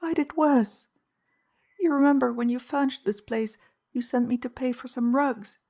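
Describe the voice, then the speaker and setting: A woman reading aloud, voicing a distraught housekeeper who confesses her wrongs in a high, pleading voice. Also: moderate pace, mellow.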